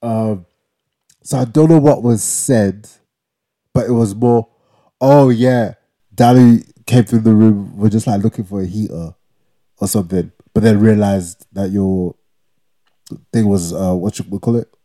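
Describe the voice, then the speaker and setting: With a lowish, mellow voice, this young podcast co-host speaks at a measured pace and pauses often. He still retells the story animatedly in casual conversation, voicing quotes with slang and tagging lines with "yeah?"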